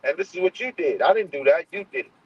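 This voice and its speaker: A man's voice: on the high side, expressive, fast talker, slightly rough, dry recording. A man hosting a casual livestream, heated and profane, often restarting his sentences. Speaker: channel host. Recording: muffled lo-fi sound.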